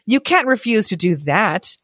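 A chorus of lovely young witch maidens, voiced by a woman in a storybook read-aloud. They speak sweetly and coaxingly, lifting into a higher pitch. The sound is dry and close. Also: big pitch swings, measured pace, fairly bright tone, dry recording.

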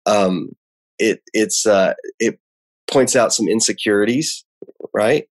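A man's voice: on the low side, takes it slowly. A man speaking as a guest in a casual conversation, hesitant and full of restarts, explaining things like a teacher. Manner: hesitant, many restarts and fillers. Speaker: magician and guest.

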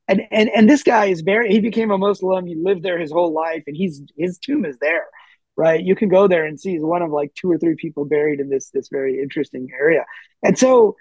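A man being interviewed, telling stories in a chatty, animated way with lots of fillers and restarts and the odd chuckle. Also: fairly high pitch, dry recording, rough recording. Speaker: interview guest. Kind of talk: casual storytelling in conversation.

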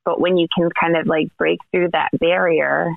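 A woman's voice: lowish voice, flat delivery, normal speed, creaky, no echo. Woman on a tinny phone line. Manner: sympathetic, conversational. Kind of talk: casual chat.

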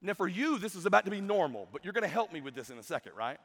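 High-voiced young man preaching with humor. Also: rapid-fire. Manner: animated storytelling with mimicked voices. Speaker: youth camp speaker. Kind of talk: comedic youth sermon. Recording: long hall reverb.

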